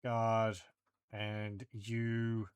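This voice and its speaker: A man's voice: on the low side, completely flat delivery, very slow, clean tone, no echo. A man playing through a retro role-playing game, thinking aloud and reading out game text and combat results. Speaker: let's play host. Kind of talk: casual gameplay commentary.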